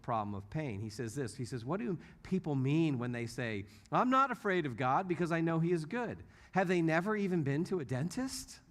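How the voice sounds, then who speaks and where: A middle-aged man giving an apologetics teaching talk in a church, telling stories and acting out the people he quotes. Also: on the high side. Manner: animated storytelling, acts out quotes. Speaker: apologetics speaker.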